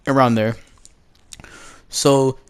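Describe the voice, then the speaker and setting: A young man hosts his own channel and rambles through a story, leaning on "like" at every turn. He swears casually and restarts his sentences. His voice sits at a middle pitch. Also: fairly even intonation, drawn-out words, clean tone. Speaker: channel host. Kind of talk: storytime vlog.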